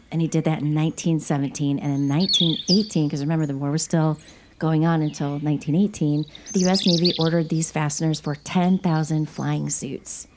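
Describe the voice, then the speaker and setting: A woman's voice: sits low, background noise. A woman hosting a podcast in casual chat, chatty and playful, laughing often. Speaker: podcast host.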